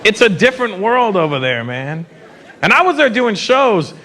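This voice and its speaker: A North American man telling stories in a stand-up routine, chatty and animated, with asides to the audience. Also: high voice, moderate pace. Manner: conversational, animated storytelling with asides. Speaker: stand-up comedian. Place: theater stage before a live audience. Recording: live recording with loud crowd and room noise.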